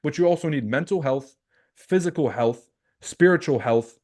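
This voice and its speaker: A man's voice: a little high, moderate pace, darkish tone. A man from Lebanon hosting a livestream as a trading coach, talking bluntly and animatedly to viewers, with swearing and rhetorical questions.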